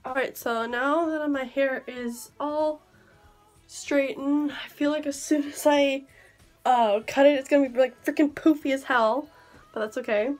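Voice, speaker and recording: A woman's voice: high voice, fairly even intonation, unhurried, soft background music. A young woman vlogging casually to camera, rambling and giggling nervously as she talks. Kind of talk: casual vlog chat.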